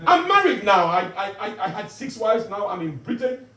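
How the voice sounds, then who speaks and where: A man's voice: very animated, normal speed, heavily acted. A man performing stand-up as a boastful, bombastic self-styled male African dictator who lectures and teases his audience. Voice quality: booming, boastful, commanding. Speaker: stand-up comedian. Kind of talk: character stand-up comedy. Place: pub gig room. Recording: echoey pub, distant mic, loud crowd.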